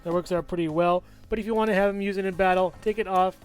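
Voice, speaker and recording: A man with a noticeably high voice talks through a toy review in an upbeat, chatty way. He handles the figure as he goes, pointing out each part. Soft music plays faintly behind him. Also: steady tone, quick pace, smooth. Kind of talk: casual product review.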